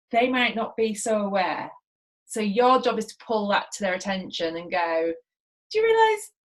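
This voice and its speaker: Woman coach explaining listening skills, animated, keeps acting out what clients say. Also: a little high, rough recording. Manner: lively, acts out client phrases. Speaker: mindset coach. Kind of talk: teaching a coaching lesson.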